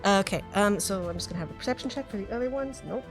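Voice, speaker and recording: A woman running a tabletop role-playing game as game master, narrating in a relaxed, chatty way with giggles. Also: mid-range voice, racing, music in the background.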